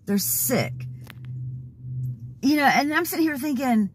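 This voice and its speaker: A hoarse, worked-up woman venting casually to her vlog audience with exasperated, laughing asides. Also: high-pitched, huge pitch swings, slow, pauses often. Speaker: vlogger. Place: in a car, then at home.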